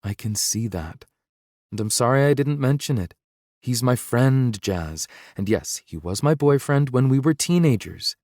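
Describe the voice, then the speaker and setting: A man voicing a gentle young woman in an audiobook, speaking softly and earnestly. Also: medium pitch, lively intonation, measured pace, dry recording, clean studio sound, pitched above the performer's own voice, natural voice. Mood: tender, pleading.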